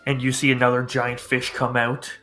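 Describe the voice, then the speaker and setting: A man's voice: medium pitch, monotone, moderate pace, pushed and bright, faint music behind. A man narrating a tabletop game as its game master, telling the scene loosely. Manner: loose, storytelling narration with chanted crowd voices.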